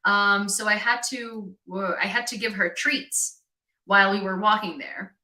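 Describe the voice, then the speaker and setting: A woman's voice: medium pitch, fairly even intonation, unhurried, pushed and bright, echoey room, rough recording. A woman from Ukraine hosting a casual livestream, telling a chatty story and greeting viewers in the chat. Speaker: livestream host.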